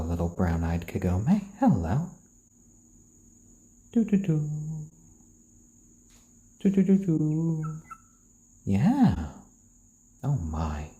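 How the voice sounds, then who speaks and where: Soft-spoken, deep, slow man. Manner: soft, slow, soothing voice used to calm the chickens. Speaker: live stream host. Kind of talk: casual live-stream chat, reading out viewer comments. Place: indoors, roomy. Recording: roomy echo.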